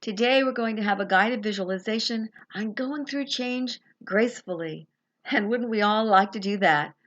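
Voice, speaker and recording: A woman life coach speaking slowly and soothingly as she leads a guided meditation. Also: mid-range voice, a bit bright, dull audio.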